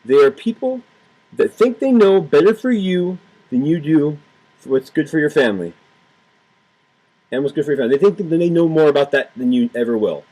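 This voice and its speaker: A man's voice: a little high, lively intonation, brisk, warm tone, rough recording. A man giving heated, sarcastic political commentary, repeating himself and swearing freely. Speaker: political vlogger. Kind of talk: ranting political commentary to camera.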